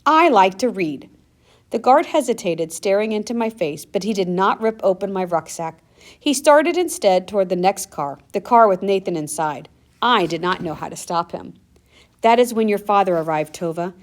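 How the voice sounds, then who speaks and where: A woman reading an audiobook aloud in first person, steady and earnest. Her narration is measured, with a mid-range voice that carries the story plainly. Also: medium pitch.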